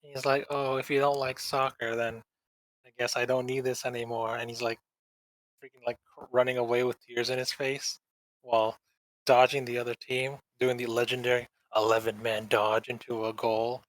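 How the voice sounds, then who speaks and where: A man's voice: mid-range voice, little pitch movement, moderate pace, poor audio. A man co-hosting a casual podcast chat, rambling in slang and briefly mimicking characters in exaggerated voices. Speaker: podcast co-host.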